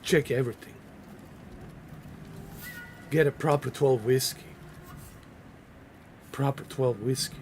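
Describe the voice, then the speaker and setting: A man's voice: medium pitch, steady tone, slow pace, pauses often, a little mellow, a little hiss or hum. A man casually commenting on a game during a livestream, loose and joking as he banters with his chat. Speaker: gaming livestreamer.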